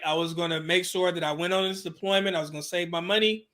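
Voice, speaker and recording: A man with a high, bright voice tells a candid personal story as an interview guest. He talks casually and loosely, with plenty of filler words and the odd curse word. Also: fairly even intonation, fast. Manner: casual, with frequent "you know" fillers and swearing.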